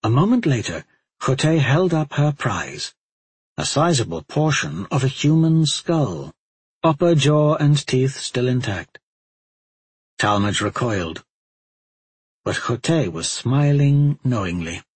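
A man narrating a fantasy novel in a measured storytelling voice. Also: mid-range voice, sing-song, breathy edge, no room sound. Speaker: audiobook narrator.

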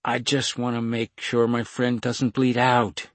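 A man reading the part of a blunt, forceful woman, in a story reading. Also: mid-range voice, animated, moderate pace, no echo, pitched above the performer's own voice, lightly acted. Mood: pleading. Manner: forceful, urgent. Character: bold, blunt woman, quick to challenge.

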